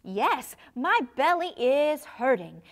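A woman's voice: high voice, very animated, slow, exaggerated voice. A woman voicing a mother playing along with her child in a puppet show, mild and playful.

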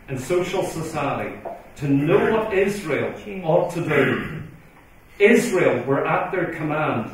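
Middle-aged male preacher, high-pitched and emphatic, heard from far off in a booming hall. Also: slight background noise. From Ireland. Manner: emphatic, intense preaching with rising urgent calls. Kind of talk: conference sermon. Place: large church hall. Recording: echoey hall recording from far off.

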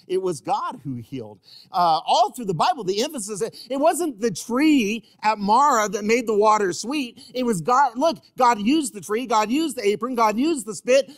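A man preaching a sermon as a pastor in a church, animated, humorous and direct with his listeners. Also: sits high, no room sound.

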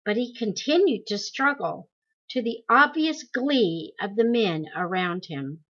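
A woman reading a memoir aloud in slow, deliberate storytelling. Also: medium pitch, animated, fairly bright tone, lo-fi sound. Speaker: audiobook reader.

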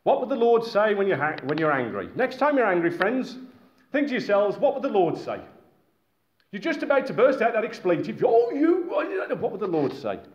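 A man preaching a sermon to a gathered congregation, animated and exclaiming, calling his listeners friends. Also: high voice, a little fast. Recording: echoey, muffled room recording with faint noise.

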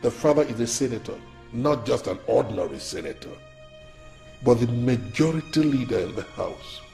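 A man's voice: mid-range voice, lively intonation, moderate pace, gravelly, warm tone, faint music behind. An actor with a Nigerian accent playing a stern father who lectures his son about marriage, in a film. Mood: insistent. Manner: insistent, lecturing. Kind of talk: Nollywood film acting.

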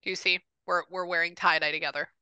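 A woman working as a medium, running a relaxed session with a client over a video call. Her voice sits a little low yet rings bright and smooth, recorded dry and close. She chats freely, restarting sentences and repeating phrases. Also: quick pace, dry recording, lo-fi sound. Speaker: psychic medium. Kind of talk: casual reading session with a client.

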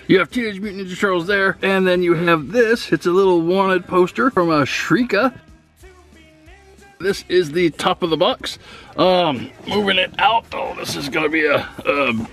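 A man giving a casual, excitable unboxing review of a toy set, gushing and gasping with delight as he describes each detail, a little out of breath. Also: a little high. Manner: excitable, breaks into gasps and squeals of delight.

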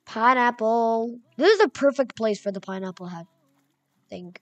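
A woman's voice: a little high, normal speed, no echo. Chatty young woman narrating gameplay. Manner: excitable, chatty, reads names aloud. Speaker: gamer. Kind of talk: gameplay commentary.

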